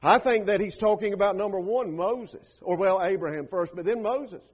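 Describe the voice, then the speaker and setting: A pastor delivering a sermon with emphatic, rising bursts of preaching. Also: male voice, high-pitched, moderate pace, slightly rough.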